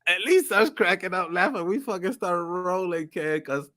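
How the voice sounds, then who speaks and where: A man's voice: sits high, moderate pace, no echo. A man co-hosting a casual podcast chat, telling a long story with lots of swearing and acting out other people's voices. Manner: animated storyteller, heavy swearing, acts out voices. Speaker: podcast co-host.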